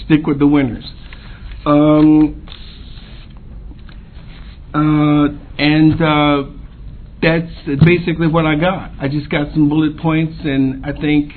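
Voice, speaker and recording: A man sharing his recovery story at a convention, halting with pauses and fillers. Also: on the high side, level tone. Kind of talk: personal recovery share. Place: convention meeting room. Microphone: podium microphone. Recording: tinny lo-fi tape with faint hiss.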